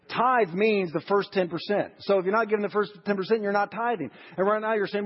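A man's voice: high-pitched, brisk, hardly any pauses, husky. A man preaching a sermon in a church. He asks the congregation questions and builds to emphatic lines. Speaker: pastor. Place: church sanctuary. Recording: dull audio with long church reverb.

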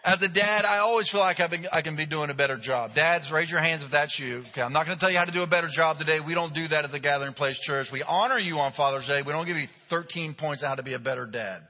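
A middle-aged man, a pastor, delivering a sermon with humorous, animated storytelling. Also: fairly high pitch, fast talker, few pauses. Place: church sanctuary. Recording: dull recording with long hall reverb.

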